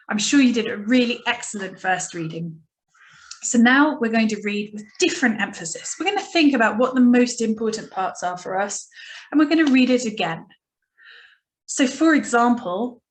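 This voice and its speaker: A woman teacher giving a recorded lesson, talking students through a poem in an encouraging way and reading it slowly and dramatically. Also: a little high.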